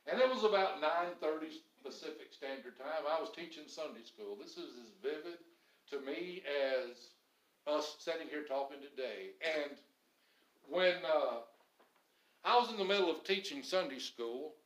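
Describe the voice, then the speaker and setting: Middle-aged man, pastor preaching in a roomy sanctuary, a touch high-voiced, earnest storyteller. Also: animated, moderate pace, fairly bright tone. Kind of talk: sermon. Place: church sanctuary. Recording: roomy church echo.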